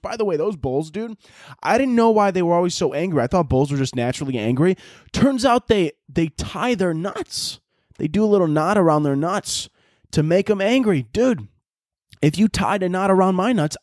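A man's voice: a little high, darkish tone, no room sound, clean studio sound. Rambling, cursing podcast host, a man. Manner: rambling, profane, jokey, self-interrupting. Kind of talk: casual solo podcast chat.

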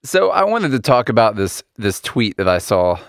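A man's voice: fairly low pitch, very animated, moderate pace, clear, resonant tone, dry recording. Laughing male podcast co-host, dry sound. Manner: laughs often, reads articles aloud. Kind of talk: casual political chat.

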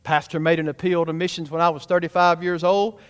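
A man voicing a proud old millionaire in his seventies, telling his story slowly and with satisfaction, inside a sermon. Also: on the high side, little pitch movement, clear, resonant tone, in a large hall, voice pushed down, natural voice.

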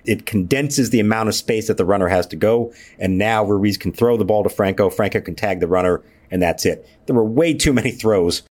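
A man co-hosting a casual sports chat as a reporter, animated and detailed as he recounts events. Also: fairly quick, few pauses. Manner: animated, counting out details with rising pitch. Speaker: beat reporter co-host.

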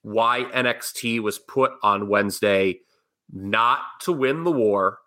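A man's voice: on the low side, takes it slowly, bright, forceful tone. A middle-aged man co-hosting a podcast, chatting casually and giving opinions with jokey asides. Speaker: podcast co-host. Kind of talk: casual wrestling talk.

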